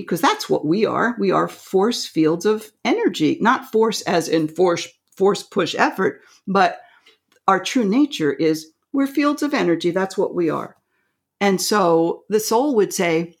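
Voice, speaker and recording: Excitable woman co-hosting a spiritual chat. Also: mid-range voice, measured pace. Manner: excitable, animated, acts out voices, laughs often. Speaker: podcast co-host.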